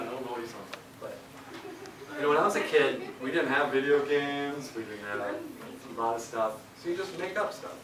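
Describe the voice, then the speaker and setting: A man's voice: medium pitch, lively intonation, fairly quick, background noise. A man from Minnesota performing as a puppeteer for schoolchildren, talking playfully and asking the kids questions. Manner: playful, asks the children questions. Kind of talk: school performance talk to children. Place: elementary school room. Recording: echoey room, distant mic, guitar behind.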